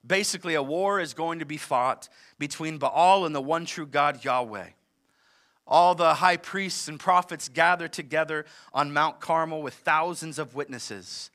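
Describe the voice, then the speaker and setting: A man preaching a sermon as pastor, moving between forceful emphatic passages and conversational asides. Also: on the high side, unhurried. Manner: preaches with rising intensity, mixes emphatic and conversational. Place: church service in a large theater.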